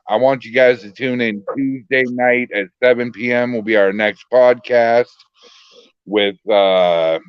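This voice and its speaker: A man's voice: lowish voice, clear, resonant tone, no room sound, dull audio. A man hosting a paranormal podcast, joking loosely as he wraps up the show. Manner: loose, joking sign-offs. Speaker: podcast host. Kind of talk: casual podcast chat.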